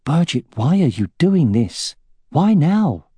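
Earnest young hero, as the narrator voices him: pleading, dry close read. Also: male voice, fairly high pitch, big pitch swings, slow, dark tone, slightly rough, no echo, pitched above the performer's own voice, full character voice.

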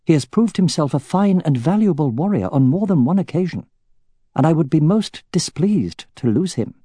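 A man's voice: fairly high pitch, expressive, normal speed, dark tone, no room sound, voice pushed up. Regal queen, as a male narrator voices her: formal, authoritative, dry close read. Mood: stern. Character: commanding queen, stern and regal.

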